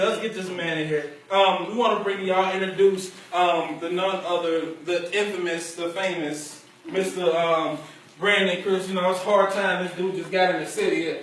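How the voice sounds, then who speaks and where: A man's voice: sits high, moderate pace, sharp tone. A man hosting a casual talk show from a barbershop, joking, rambling and laughing often. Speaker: show host. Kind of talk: casual banter. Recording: echoey room from a distant mic, faint noise.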